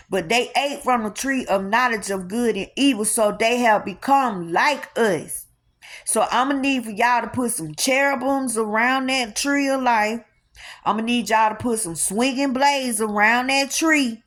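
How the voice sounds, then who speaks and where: A woman's voice: a little high, measured pace, a bit bright. A woman giving an informal spiritual teaching in an emphatic, colloquial, preacher-like way with lots of repetition.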